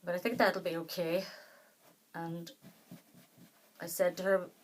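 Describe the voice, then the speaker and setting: A woman vlogging in casual chat to the camera, out of breath, her talk soft and halting, often trailing off. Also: lowish voice, level tone, poor audio. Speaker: doll collector vlogger.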